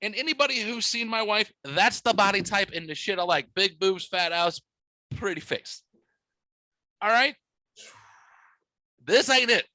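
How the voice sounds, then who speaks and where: A man's voice: high voice, lively intonation, a little slow, long pauses, sharp tone, no room sound. A man hosting a podcast, telling a story in casual chat with crude language and quoted voices. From Midwest United States. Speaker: podcast host.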